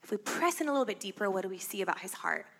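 A woman's voice: mid-range voice, animated, very fast, fairly bright tone, husky. A woman whose first language is Farsi, preaching a sermon in a conversational way with frequent tag questions. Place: church.

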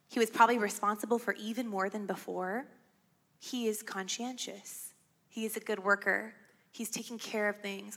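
A woman whose first language is Farsi delivers a sermon with a bright, clear tone. Her talk is conversational, often checking in with her listeners with a quick tag question. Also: fairly high pitch. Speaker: preacher. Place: church.

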